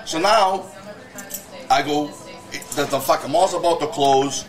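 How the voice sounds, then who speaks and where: Heated, profane man, fairly high voice. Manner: heated, profane storytelling rant; quick, emphatic talk. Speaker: guest, business owner. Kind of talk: casual podcast conversation.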